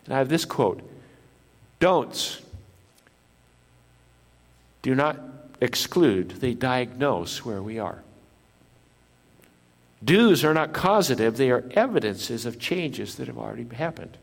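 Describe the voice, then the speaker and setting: A man of middle pitch preaching to his congregation from a church sanctuary, his voice carrying a long hall reverb. He repeats his key lines for emphasis and keeps putting questions to the listeners. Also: sing-song, takes it slowly, long pauses. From Japan. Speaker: pastor. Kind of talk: sermon.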